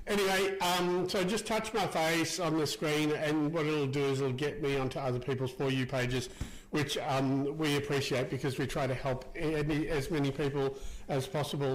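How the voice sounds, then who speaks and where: A man's voice: a little high, fairly even intonation, normal speed, hardly any pauses, low-quality recording. A man hosting a casual live stream as an equine therapist, chatting and greeting viewers by name with easy laughs. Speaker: livestream host, equine soft tissue therapist.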